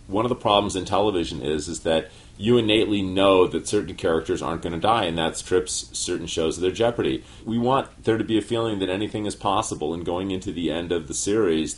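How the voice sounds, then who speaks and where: A middle-aged man co-hosting a casual podcast chat, measured and given to hesitant restarts. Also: sits low. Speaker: podcast co-host, show writer.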